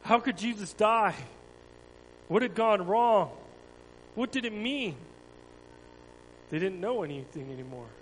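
A man reading a children's Bible story aloud to a congregation with dramatic, expressive delivery. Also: high voice, unhurried, pauses often. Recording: long hall reverb, faint hum.

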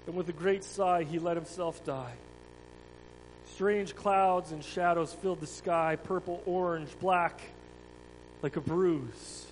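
A man reading a children's Bible story aloud to a congregation with dramatic, expressive delivery. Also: on the high side, slow. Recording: long hall reverb, faint hum.

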